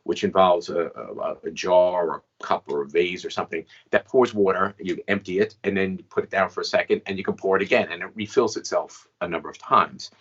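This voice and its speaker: Man in his fifties with a low-pitched voice, telling a long story in an easy, chatty way and checking in with "right?" as he goes. His voice comes through a dull, lo-fi recording. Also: brisk, few pauses, slightly rough. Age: 50s. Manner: chatty, frequent "right?" asides. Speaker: guest magician and inventor. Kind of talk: storytelling interview answers.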